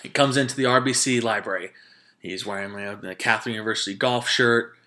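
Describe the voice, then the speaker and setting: Jersey guy in his 30s rambling thru a story on his podcast, bright tense voice. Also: lowish voice, steady tone, quick pace. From New Jersey. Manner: casual, rambling, with many fillers. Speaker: podcast host.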